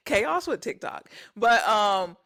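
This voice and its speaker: Brief: woman, young adult co-host, blunt and laid-back, with a bright, cutting voice. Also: medium pitch, expressive, slow. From southern Virginia, US. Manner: blunt, laid-back, uses slang and swears. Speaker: podcast co-host. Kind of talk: casual chat.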